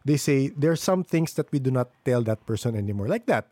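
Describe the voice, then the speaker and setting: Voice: mid-range voice, animated, fairly quick, mellow, dry recording. An interviewer talking casually, mostly giving short agreeing replies. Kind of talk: conversational interview.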